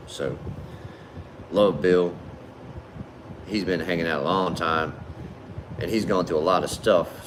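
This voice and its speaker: A man's voice: low voice, background noise. A man hosting a casual livestream, reading viewer comments aloud in a laid-back, friendly way and calling people man and brother. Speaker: livestream host.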